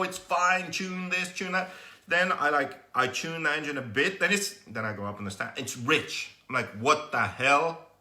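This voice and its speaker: A young man hosting a live workshop stream, telling a story with lots of swearing and loudly acting out his frustration. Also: medium pitch. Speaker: host of a live workshop show.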